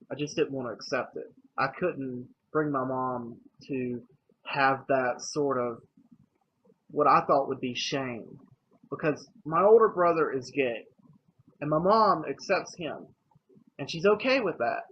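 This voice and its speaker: A young man telling a personal story to camera, candid and hesitant, pausing and restarting often. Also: medium pitch, husky. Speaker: vlogger. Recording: dull lo-fi with faint noise.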